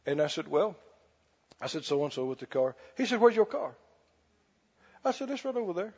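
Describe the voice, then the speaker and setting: A man's voice: high-pitched, sing-song, normal speed, a little mellow, slightly rough, highs cut off. A man preaching a sermon as pastor, telling a story, then leading a fervent prayer and praise.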